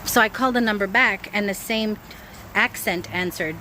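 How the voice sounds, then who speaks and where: Setting up a cookout at her grill, a woman vlogs casually to her phone camera about a scam call she just got, sounding chatty and anxious. Her mid-range voice is bright and forceful at a moderate pace, though the audio is poor, with wind and outdoor ambience behind her.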